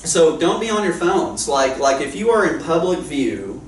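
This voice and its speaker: With a voice on the high side and very animated delivery at normal speed, a man serving as guest worship leader spins funny, meandering stories that poke fun at himself before an audience. There's a little hiss or hum, plus roomy echo, a distant mic and faint ambience.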